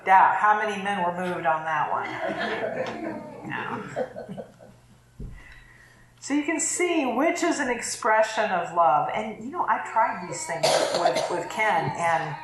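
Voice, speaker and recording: Middle-aged woman, pastor, unhurried sermon, chatty, echoey church room. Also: lowish voice, lively intonation. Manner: chatty and warm, laughs easily. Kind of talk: conversational sermon. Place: church sanctuary.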